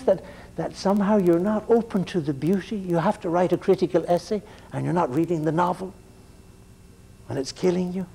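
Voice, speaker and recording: A man's voice: on the high side, creaky, dark tone. A man giving a classroom lecture in a digressive, joking, conversational way.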